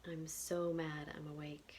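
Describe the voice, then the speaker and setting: A woman guiding a tapping session in a whispered role-play, speaking slow phrases for the listener to repeat. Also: deep voice, level tone, darkish tone, slight background noise. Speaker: EFT tapping guide.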